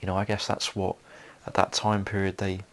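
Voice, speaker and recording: A man's voice: low voice, monotone, brisk. A man giving a solo film commentary, rambling with many fillers and restarts.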